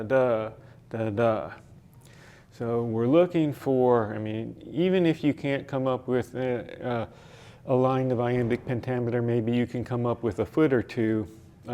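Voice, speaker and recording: Guy running a poetry workshop, talks real slow, smooth clear voice, lots of ums. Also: mid-range voice, darkish tone. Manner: slow, halting explanation with many fillers and restarts. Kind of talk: library workshop lesson. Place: library meeting room.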